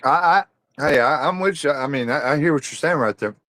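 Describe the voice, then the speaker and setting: A man's voice: fairly high pitch, brisk, bright, forceful tone. A man calling into a live audio room who eagerly cuts in and stammers as he talks. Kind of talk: casual chat.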